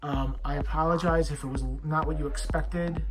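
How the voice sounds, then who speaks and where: A man with a high-leaning, steady voice reviews an action figure at home, talking at a moderate pace over background music. He rambles casually while fiddling with the toy, sounding blunt and frustrated.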